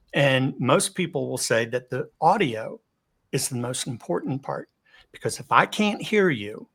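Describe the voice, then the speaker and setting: A man giving an instructional webinar talk over a video call. He varies his pace, pitch and loudness for emphasis and often repeats a word as he starts a thought. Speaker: webinar guest speaker.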